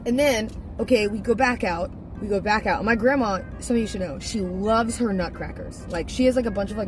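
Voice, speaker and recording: A young woman streamer telling a family story casually to her viewers, animated, laughing and swearing freely. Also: mid-range voice.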